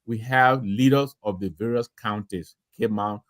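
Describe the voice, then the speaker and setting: A man's voice: on the low side, a little slow. A man who speaks as a diaspora affairs official on a radio call-in show, insistent and argumentative.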